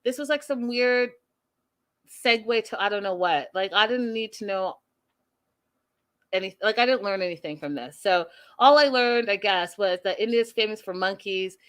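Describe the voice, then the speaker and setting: A young woman hosting a casual reality TV recap, sassy and animated, acting out the people she talks about. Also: medium pitch, normal speed. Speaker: recap show host.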